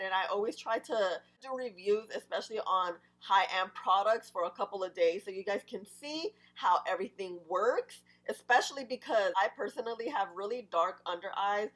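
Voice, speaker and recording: A young woman with a fairly deep, early-morning voice, chatting excitedly to viewers as she reviews and applies makeup. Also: poor audio. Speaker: beauty vlogger.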